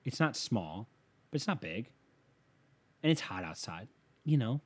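A man hosting a show, delivering a casual comedic rant that is profane and exasperated, with loud emphatic outbursts. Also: mid-range voice, very animated, measured pace, slightly rough.

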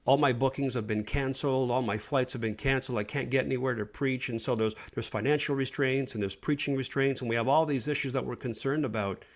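A man's voice: medium pitch, steady tone, fast, hardly any pauses. A man giving an informal online sermon, speaking earnestly and putting questions to his listeners. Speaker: preacher.

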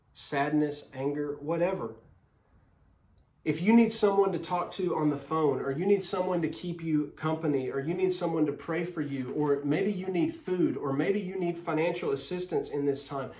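A man's voice: fairly high pitch, a little mellow. A man preaching a sermon as a pastor, speaking earnestly and directly to his listeners through a phone camera. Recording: roomy echo.

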